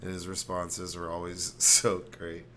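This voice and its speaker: A man hosting a podcast, trading loose, profane banter and laughing easily. His voice is on the low side, with a faint hiss under the recording. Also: monotone, measured pace, pushed and bright. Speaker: podcast host. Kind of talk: casual chat.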